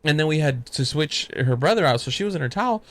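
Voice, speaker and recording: A man's voice: a little high, animated, fast, creaky, a bit bright, no room sound. A young father hosting a casual podcast chat, animatedly telling stories about his kids and acting out their voices. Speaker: podcast host.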